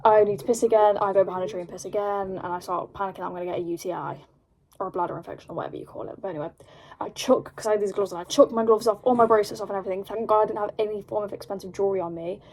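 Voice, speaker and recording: A young woman with an English accent telling a rambling, animated story at home while doing her makeup, full of "like". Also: medium pitch, rapid-fire, slight background noise, poor audio. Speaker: vlogger. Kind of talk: casual storytime chat.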